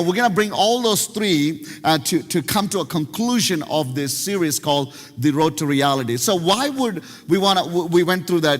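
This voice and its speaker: Male pastor, high register, animated storyteller with restarts; sermon recorded in a reverberant hall over faint music.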